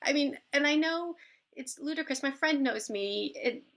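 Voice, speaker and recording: A middle-aged woman casually recounting a personal story, animated and acting out the people she quotes. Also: high-pitched, moderate pace. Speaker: vlogger telling a personal story.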